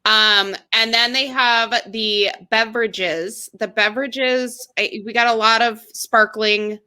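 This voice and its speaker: Bright-voiced chatty woman co-host. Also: fairly high pitch, fairly even intonation, slow pace, clean tone. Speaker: podcast co-host. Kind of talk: casual chat.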